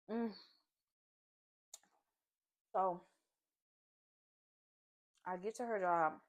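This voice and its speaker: A young woman chatting through a personal story while eating, animated and full of asides and fillers. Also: on the low side, a little slow, pauses often. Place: at home, eating a seafood boil.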